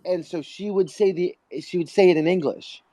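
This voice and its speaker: A man chatting as a podcast guest, animated and laughing, swearing freely. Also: high-pitched, normal speed. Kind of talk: casual podcast chat.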